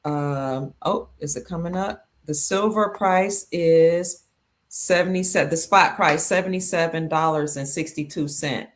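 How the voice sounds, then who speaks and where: A woman's voice: deep voice, unhurried. A woman hosting a podcast interview, asking questions and giving many brief affirmations. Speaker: podcast host.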